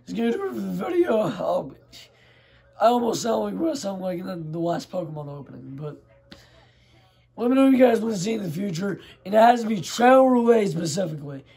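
A young man with a hoarse, worn voice, casually commentating his football video game and shouting at big plays. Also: sits high, big pitch swings, fairly quick. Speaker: gaming channel host.

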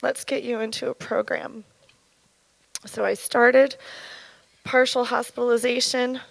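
A woman in her thirties giving an earnest, halting personal testimony at church, her voice shaken with emotion. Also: fairly high pitch, level tone, gravelly, no echo, rough recording. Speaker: church speaker sharing testimony.

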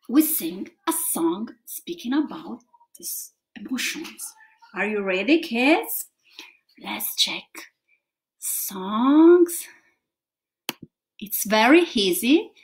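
A woman teaching English to children, acting out emotions with gasps and whispers. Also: a little high.

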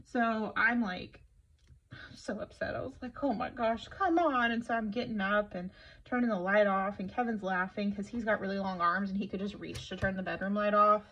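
A woman's voice: mid-range voice, fairly bright tone, breathy edge. A tired middle-aged woman, chatting casually while planning, rambling and poking fun at herself. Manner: rambling, self-deprecating storyteller. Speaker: planner vlogger. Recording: slightly dull lo-fi audio.

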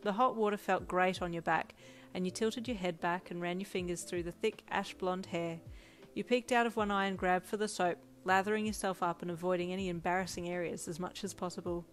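Woman reader, second-person fanfic narration, even delivery, faint music behind. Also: fairly low pitch, a little fast.

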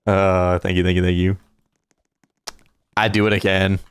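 A man's voice: low voice, little pitch movement, a little slow, smooth, dry recording, clean studio sound. A man hosting a casual gaming livestream, chatting playfully and reading out donations. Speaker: livestream host.

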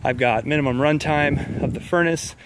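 Pitched fairly high and speaking at normal speed, this man is a heating contractor showing off a home install as he walks around the house and yard. He keeps up a casual, chatty commentary, a bit out of breath and heavy on fillers. The background is noisy.

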